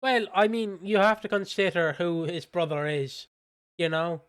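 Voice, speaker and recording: High-voiced British man joking crudely. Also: measured pace, fairly bright tone, smooth. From United Kingdom. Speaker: podcast co-host. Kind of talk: casual podcast chat.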